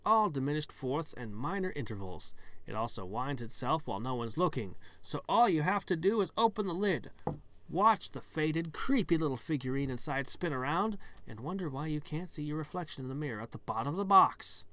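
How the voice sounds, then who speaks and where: A man's voice: on the high side, animated, fairly quick, fairly bright tone, dry recording. A man casually playing a game on stream, reading the game text aloud and adding wry asides. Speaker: let's player. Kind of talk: casual gameplay commentary.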